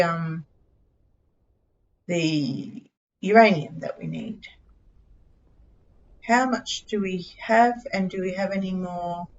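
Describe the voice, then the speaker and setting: A woman's voice: on the low side, highs cut off. A middle-aged Australian woman streaming a game live, chatting casually in a scattered, giggly, self-mocking way.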